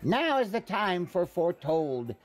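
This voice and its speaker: A man's voice: sing-song, measured pace, faint music behind. A man voicing a goblin chief who proclaims grandly to his tribe. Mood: proclaiming. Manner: high-pitched proclaiming. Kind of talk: tabletop role-play.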